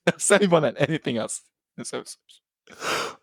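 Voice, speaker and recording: Animated man laughing through a recap. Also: fairly high pitch, normal speed, dry recording. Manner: animated, laughs often, acts out quotes. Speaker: podcast co-host. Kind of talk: casual TV recap chat.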